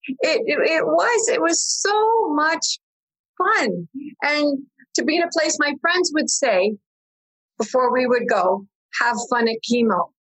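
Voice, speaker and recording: A Canadian woman chats as a guest in a high-pitched, expressive, slightly bright voice, speaking slowly. She's upbeat, laughs often, and acts out the dialogue in her stories. The recording is rough.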